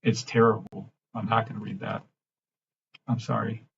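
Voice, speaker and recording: A man hosting a trading livestream, ranting in a brash, mocking, profane way and swinging between loud outbursts and low mumbling. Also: little pitch movement, normal speed, gravelly, muffled recording, a little hiss or hum. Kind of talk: live-stream rant and chart reading.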